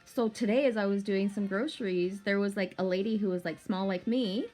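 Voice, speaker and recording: Woman, casual vlog, rambling, swearing, animated, faint background music. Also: medium pitch, brisk. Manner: profane, rambling, animated storytelling.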